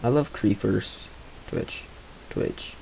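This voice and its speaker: A man's voice: fairly low pitch, slow pace, gravelly, darkish tone, a little hiss or hum, poor audio. A man giving live gameplay commentary on a cheap microphone, mumbling and grumbling to himself with frustrated asides. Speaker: gaming commentator. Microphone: cheap replacement microphone.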